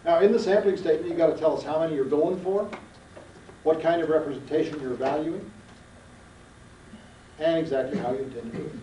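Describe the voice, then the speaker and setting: A man's voice: fairly high pitch, fairly quick, pauses often, dark tone, a little hiss or hum. Folksy male lecturer on a distant, roomy tape. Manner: folksy, emphatic, quizzes the class. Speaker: seminar lecturer. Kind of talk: classroom lecture with questions to students. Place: lecture room.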